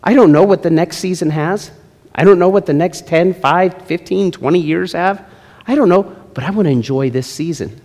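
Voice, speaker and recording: A man's voice: fairly high pitch, darkish tone. A male pastor preaching a sermon in a church, with emphatic delivery and playful asides. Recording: long hall reverb.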